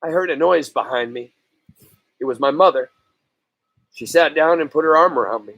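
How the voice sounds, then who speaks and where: A man's voice: on the high side, moderate pace, pauses often, a bit bright, no room sound. Man reading a novel aloud, dry close sound. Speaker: reader.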